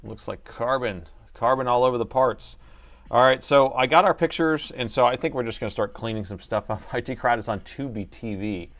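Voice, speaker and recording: A man's voice: mid-range voice, normal speed, fairly bright tone. A man hosting a laptop repair livestream, chatting casually to viewers and laughing often as he works. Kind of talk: casual live repair chat.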